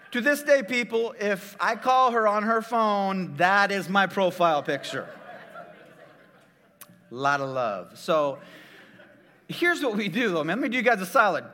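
A man's voice: sits high, expressive, a little slow, sharp tone, long reverb tail. A middle-aged man, a pastor, tells a funny personal story in a sermon, jokey and talking straight to his audience.

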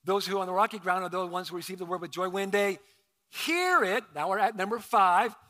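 Pastor, male, conversational sermon delivery with loud emphatic peaks; sharp, forceful tone, long hall reverb. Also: sits high, fairly even intonation, fast talker. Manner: conversational preaching, rising to loud emphatic bursts.

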